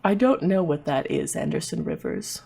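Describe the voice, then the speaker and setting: A woman doing a deep, booming angel voice. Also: wildly swooping pitch, normal speed, creaky, mellow, breathy edge, exaggerated voice. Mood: ominous.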